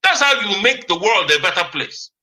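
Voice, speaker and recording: A man's voice: high voice, sing-song, normal speed, sharp tone, rough recording. A man giving impassioned political commentary on a radio broadcast, repeating key words for emphasis.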